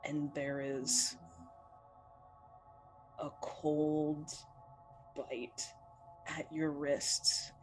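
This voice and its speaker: Low-voiced lady gm taking her time, quiet music behind. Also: little pitch movement, poor audio. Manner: slow, deliberate storytelling. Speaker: game master. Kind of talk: narrating a tabletop game.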